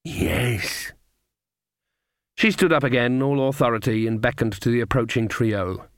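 A man narrating an audiobook in a measured, deliberate storytelling manner. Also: medium pitch, clear, resonant tone, dry recording, clean studio sound.

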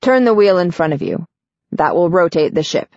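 A woman voicing a young male alien pilot with a harsh accent, talking quickly, patient but authoritative, in an audiobook. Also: lowish voice, dry recording. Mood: instructive. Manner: quick, calm, instructive. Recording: dull, dry studio sound.

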